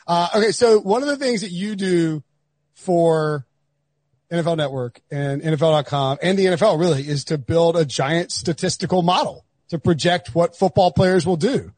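High-voiced, chatty male podcast host. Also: moderate pace, darkish tone, dry recording. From North Carolina, USA. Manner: chatty, rambling, self-deprecating, many restarts. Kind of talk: casual podcast chat.

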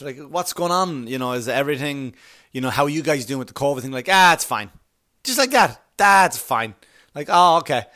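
Profane rambling male podcast host. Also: medium pitch. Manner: profane, rambling, sarcastic, with bursts of loud exasperation. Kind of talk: casual comedic storytelling.

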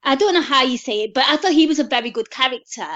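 A woman's voice: sits high, expressive, quick pace, a bit bright, lo-fi sound. A woman on a panel chatting casually about a film, thinking aloud as she goes.

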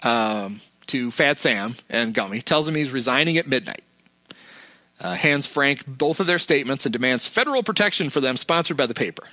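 Bright-voiced man recapping a movie. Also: medium pitch, lively intonation, moderate pace, no echo. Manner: rambling retelling with fillers and acted quotes. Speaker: podcast host.

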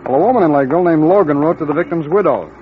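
An actor playing a brisk, matter-of-fact federal agent in a 1950s radio drama. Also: male voice, on the high side, animated, a little hiss or hum, close to an everyday voice. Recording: lo-fi old radio recording.

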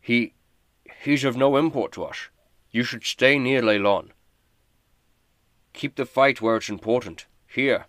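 A man voicing a self-important male advisor who speaks in a lofty, dismissive, measured way. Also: medium pitch, fairly bright tone, dry recording, studio quality, voice pushed up, lightly acted.

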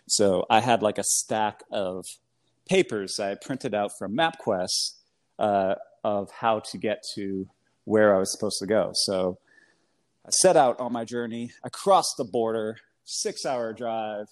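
American man, 30s, low voice, rambling anecdote-teller, filler-heavy. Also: a little slow. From New England, US. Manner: rambling, animated, heavy fillers, laughs often. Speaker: guest. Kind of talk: casual storytelling chat.

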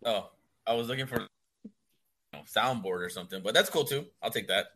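A man's voice: medium pitch, brisk, bright, forceful tone. A man in his thirties co-hosting a podcast in casual chat, joking and teasing, with frequent laughs. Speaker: podcast co-host.

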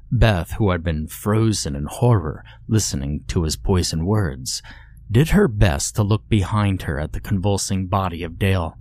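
A very deep male voice reads a horror story aloud in a measured, grim way. The narration comes steadily and deliberately, each line given a dark weight.

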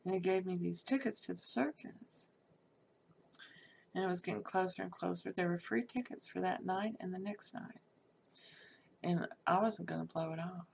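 Middle-aged woman, gravelly voice, candid and blunt personal storytelling, slight background hum. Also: fairly low pitch, a little mellow. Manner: candid, blunt, swears freely.

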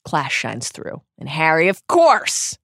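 A woman co-hosting a podcast, reading a wry, animated scripted recap of a book with quick asides. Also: sits low, no room sound, clean studio sound. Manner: animated, wry storytelling with laughs. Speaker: podcast co-host.

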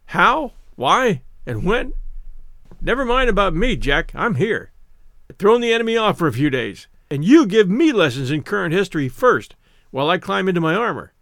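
A brisk, witty gentleman, put on by a male reader in a storybook reading, his tone sharp, severe and sardonic. He speaks with a raised voice that swings widely in pitch. The recording is close and dry. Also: sing-song, gravelly, no echo, full character voice. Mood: breezy. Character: brisk witty Irish gentleman friend, commanding.

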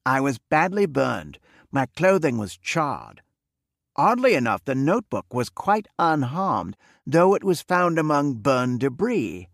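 A man reading the part of a wealthy, reserved middle-aged man who speaks in a measured, formal way. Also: mid-range voice, very animated, vocal fry, a bit bright, no echo, studio quality, exaggerated voice. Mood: earnest. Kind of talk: audiobook character reading.

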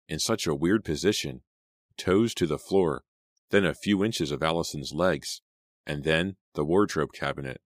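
Very deep-voiced man narrating horror. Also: a bit bright, no echo, studio quality. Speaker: audiobook narrator.

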